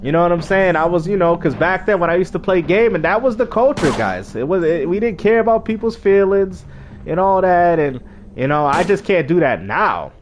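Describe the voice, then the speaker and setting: A high-pitched man with a very lively, swooping delivery tells a story casually to his stream, full of slang. He acts out the other people's lines with big leaps in his voice. Faint noise hums behind him. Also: normal speed. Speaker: gaming streamer.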